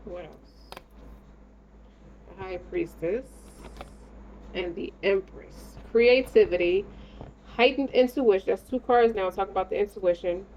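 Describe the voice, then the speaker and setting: A woman's voice: mid-range voice, unhurried, pauses often. A woman giving a casual tarot reading, rambling, slangy and profane, talking straight to the listener. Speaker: tarot reader. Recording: dull lo-fi sound with faint noise.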